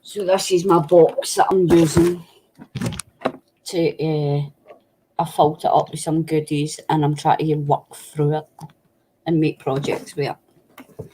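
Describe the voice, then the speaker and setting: A woman's voice: low-pitched, little pitch movement, slow, pauses often, warm tone, a little hiss or hum. A woman chatting casually on a craft stream over a video call, laughing often. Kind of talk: casual chat.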